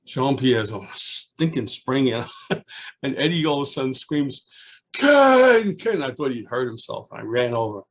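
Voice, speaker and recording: A man in his seventies reminiscing in an oral history interview, a lively storyteller who rambles with restarts and acts out children's voices. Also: mid-range voice, normal speed. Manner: rambling with frequent restarts and asides. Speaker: alumnus being interviewed.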